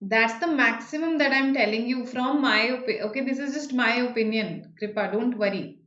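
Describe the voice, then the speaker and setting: A woman's voice: on the high side, normal speed, a bit bright, reverberant, highs cut off. A woman with an Indian English accent teaching an exam-prep class online, explaining points and checking in with "okay" and "right". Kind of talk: online live class, answering student questions.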